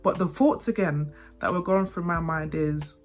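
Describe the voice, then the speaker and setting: A young adult woman telling a personal story to camera. She talks fast, repeats herself and trips over words now and then. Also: low voice. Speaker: vlogger. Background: faint background music.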